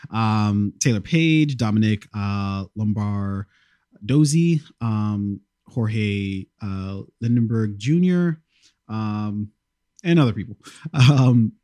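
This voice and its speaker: Sex: man. Role: podcast host. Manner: rambling, lots of ums, casual swearing. Pitch: low. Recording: dry. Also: expressive, slow pace, dark tone, dry recording. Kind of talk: casual film chat.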